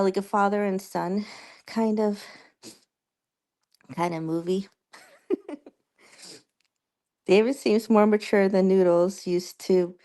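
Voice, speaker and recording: A young woman streamer casually chats with her viewers, rambling and stumbling with plenty of fillers and restarts. Her voice is mid-range with a dark tone.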